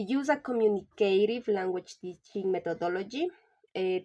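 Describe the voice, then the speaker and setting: A woman teaching pronunciation, reading lesson points aloud in a halting way, with frequent pauses and filler sounds. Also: medium pitch, darkish tone, muffled recording. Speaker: English teacher.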